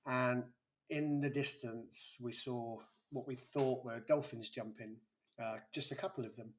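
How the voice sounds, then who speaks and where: A man in his forties, a guest on an interview, telling a personal story in a halting way with many restarts. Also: mid-range voice, steady tone, slight background noise. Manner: halting, with frequent restarts and a breaking voice. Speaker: interview guest, YouTuber and school pastoral lead.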